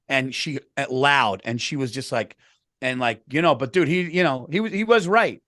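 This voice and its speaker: A man's voice: medium pitch, normal speed, a bit bright, no echo, studio quality. A man co-hosting a comedy podcast, telling rambling anecdotes and saying "dude" constantly. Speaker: podcast co-host. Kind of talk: casual comedic chat.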